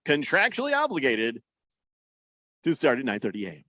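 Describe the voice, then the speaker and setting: A man's voice: medium pitch, huge pitch swings, moderate pace, bright, forceful tone, no room sound. A man hosting a sports talk radio show, rambling and joking with many fillers on a studio microphone.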